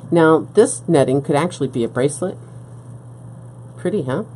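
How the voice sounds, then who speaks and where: A woman's voice: deep voice, expressive, normal speed, warm tone, slight background noise. A woman beading instructor on a live craft stream, explaining each step patiently and often checking in with "okay?". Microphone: live-stream setup at a work table.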